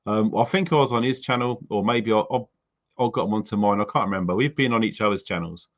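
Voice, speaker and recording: In lo-fi audio, this British prepping channel host talks fast in a lowish voice, swearing freely on his live stream. His blunt, heartfelt rant is all about what he believes.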